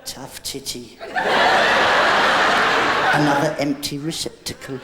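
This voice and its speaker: A male comedian doing live stand-up with an audience volunteer, teasing her with cheeky innuendo and squeaky, shrieking rises. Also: fairly even intonation, slow pace. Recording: loud hiss on an old VHS tape recording.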